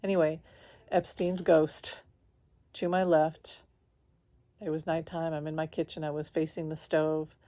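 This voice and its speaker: A woman talking in a casual confessional vlog from home, rambling with lots of fillers and quick laughs between thoughts. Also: low voice, little pitch movement, mellow. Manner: talks lying down. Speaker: spiritual vlogger.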